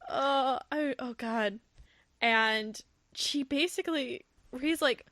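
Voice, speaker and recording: This podcast host, a woman at normal speed on a dry recording, keeps her book discussion casual. When she quotes the text, she performs it animatedly, her pitch leaping up and down.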